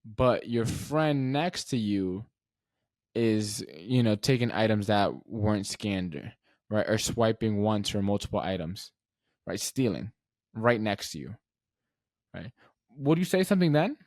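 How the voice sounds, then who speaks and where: A man's voice: fairly low pitch, lively intonation, measured pace, darkish tone, dry recording, clean studio sound. A man hosting his own podcast, talking straight to listeners in a conversational way, full of "right?" and asking them questions. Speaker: podcast host. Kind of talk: solo podcast monologue.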